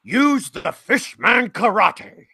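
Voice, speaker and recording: A man voicing a gentle fatherly fishman who gives slow, earnest advice in a podcast improv scene. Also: sits high, very animated, gravelly, breathy edge, no room sound, clean studio sound, voice pushed up, full character voice. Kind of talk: improv character voice.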